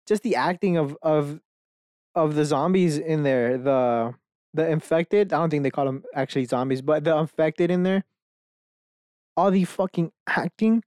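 Young guy ranting solo on his podcast, cussing a lot, smooth clear voice, super dry mic. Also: on the high side, no echo. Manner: profane, animated rambling. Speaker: podcast host. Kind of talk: casual solo monologue. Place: bedroom.

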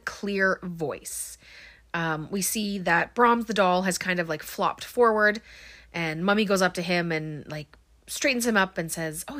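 A woman's voice: fairly low pitch, pushed and bright. A woman casually retelling a film plot, chatty and wry, with lots of ums and likes. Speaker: movie recapper. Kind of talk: casual spoken film recap.

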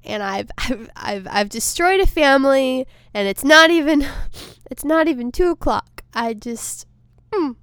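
A woman's voice: high voice, lively intonation, measured pace, a bit bright, smooth, no echo. A woman hosting her podcast alone, a comedian rambling in a casual, self-deprecating and emotional way from her studio. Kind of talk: casual solo monologue. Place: studio space.

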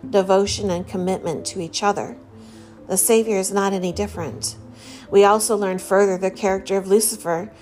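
A woman giving a devotional talk in an earnest, measured way, reading scripture passages aloud between her own reflections. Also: mid-range voice, a little mellow. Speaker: religious speaker. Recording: faint music behind the voice.

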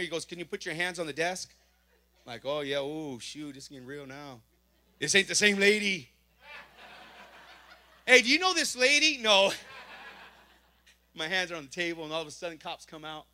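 A man giving a church testimony, telling his story with lively acted-out dialogue. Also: on the high side. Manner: animated storytelling, acting out dialogue. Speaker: testimony speaker.

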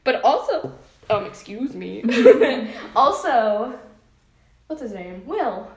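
A woman's voice: on the high side, sing-song, slow pace, vocal fry. A woman chatting casually on a podcast, gossiping playfully and laughing often. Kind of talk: casual chat. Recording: roomy echo.

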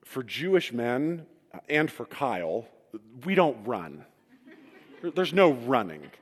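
A male pastor tells a story from the pulpit, mixing vivid retelling with joking asides. His voice sits at an ordinary middle pitch. The sound rings with the long reverb of a large hall. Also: big pitch swings, takes it slowly. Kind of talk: sermon.

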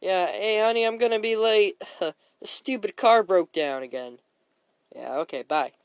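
A woman's voice: mid-range voice, unhurried, clear, resonant tone, no room sound, close to an everyday voice. A woman voicing George, a frazzled everyday man who sighs and mutters to himself in a homemade audio story. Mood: weary. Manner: grumbling, sighing, muttering to himself.

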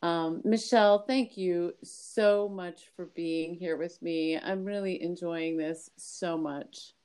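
A woman co-hosting a casual podcast conversation, earnest and quick to laugh. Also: on the low side, steady tone, darkish tone, smooth. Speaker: podcast co-host.

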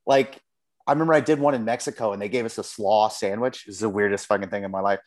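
The fairly low-pitched, fast-talking man here is a podcast co-host whose casual chat turns into lively rants packed with profanity.

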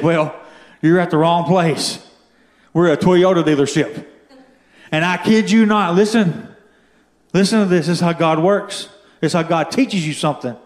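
High-voiced man preaching in an echoey church. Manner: storytelling, rises to shouting fervor. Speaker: guest speaker giving testimony. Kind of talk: sermon testimony.

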